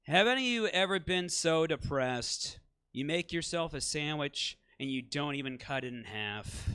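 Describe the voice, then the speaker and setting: Bright, clear deadpan stand-up comedian. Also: male voice, fairly high pitch, normal speed. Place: small comedy theater stage with audience.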